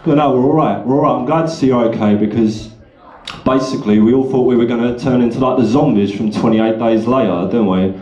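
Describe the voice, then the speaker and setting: A man's voice: a little fast, mellow, echoey room. A slightly drunk man doing rambling, sweary stand-up at an open mic night in a pub. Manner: rambling, sweary, puts on shrill voices. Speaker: stand-up comedian. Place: pub function room.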